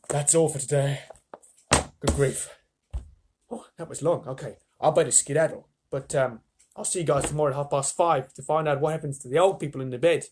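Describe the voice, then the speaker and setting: A man's voice: a little high, fairly even intonation, fairly quick, slight background noise. A man reading a children's book aloud on a live stream, with chatty asides.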